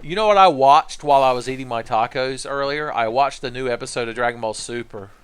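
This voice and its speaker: A man's voice: medium pitch, fairly quick, clear, resonant tone. A young man streaming a game, giving rambling, profane, joking commentary into a desk mic. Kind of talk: casual gameplay commentary.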